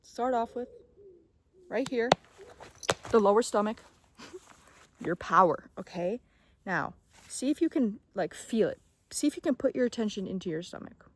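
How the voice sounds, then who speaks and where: There's a little hiss or hum behind this medium-pitched young woman, whose intonation is lively though her pace is measured and her pauses long. She offers casual, emphatic self-help advice to camera, cursing freely, now and then whispering, and often asking "okay?"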